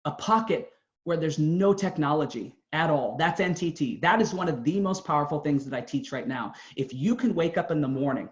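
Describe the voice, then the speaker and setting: A man's voice: a little high, expressive, brisk, roomy sound. A man giving an earnest, emphatic motivational talk, telling his own story. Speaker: motivational speaker. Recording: dull lo-fi sound.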